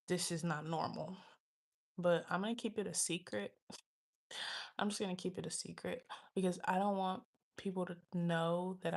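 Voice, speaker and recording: A woman's voice: fairly low pitch, vocal fry. Rambling young woman telling a story. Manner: rambling, slangy, reenacts others' lines with quick asides; drops into whispers when swearing. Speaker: livestream host. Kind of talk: casual storytelling to viewers.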